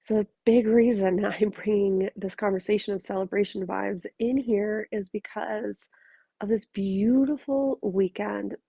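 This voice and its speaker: A woman's voice: mid-range voice, fairly even intonation, unhurried, gravelly, mellow, husky, no room sound, dull audio. A woman hosting a podcast in a casual, frank and emphatic way, swearing freely, tired and talking from her bed. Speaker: podcast host and relationship coach. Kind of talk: casual solo podcast monologue. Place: bedroom, curled up in bed.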